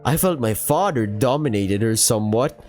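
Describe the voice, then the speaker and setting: A man's voice: mid-range voice, animated, moderate pace, darkish tone, soft background music, close to an everyday voice. A man putting on a prim British gent. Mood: formal. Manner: overly formal, genteel. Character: prim polite British male war veteran.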